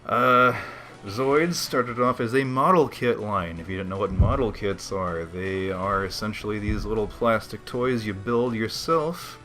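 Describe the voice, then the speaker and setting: Man, casual gaming commentary, slangy and relaxed, lowish bright voice, soft game music behind. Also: unhurried. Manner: laid-back and slangy, chatting to viewers. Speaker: let's play host.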